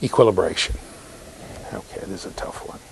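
A gravelly, low-sitting male voice talks a little fast over slight background noise. The university lecturer teaches conversationally, telling stories, checking in with students and acting out quoted voices with animation.

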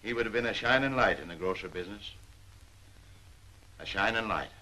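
An actor playing a blunt, folksy older grocer who grumbles about the nobility. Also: male voice, on the low side, animated, a little fast, sharp tone, poor audio. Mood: grumbling. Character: gruff older male grocer, blunt, distrustful of nobles. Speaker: shopkeeper.

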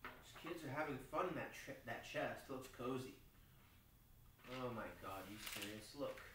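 A man's voice: medium pitch, animated, moderate pace, noisy background. Rambling man, roomy far-off sound. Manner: silly, rambling, laughing often. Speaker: mock teacher reading books aloud. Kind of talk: playful mock classroom reading.

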